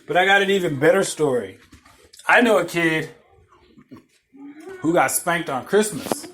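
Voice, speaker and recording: A man's voice: a little high, lively intonation, a little slow, fairly bright tone. A man hosting a podcast, rambling through casual stories, swearing freely and laughing at himself. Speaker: podcast host. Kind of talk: casual storytelling monologue.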